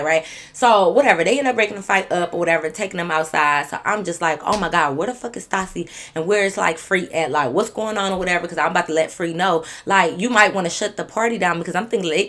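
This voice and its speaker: A woman vlogger telling a casual story to her viewers, animated and profane, addressing them directly. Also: lowish voice.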